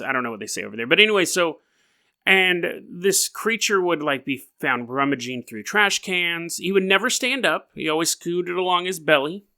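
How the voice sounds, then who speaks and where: A young man hosts his podcast in a loose, rambling storytelling style, breaking off for jokey asides. His voice sits a little high and rings bright and forward. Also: animated, moderate pace. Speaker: podcast host.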